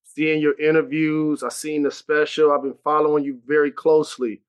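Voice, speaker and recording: A man hosts a podcast with an earnest, supportive manner. His voice sits slightly higher than most men's. He asks his questions with sincere feeling. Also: flat delivery, normal speed, smooth. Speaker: podcast host. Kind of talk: interview questions.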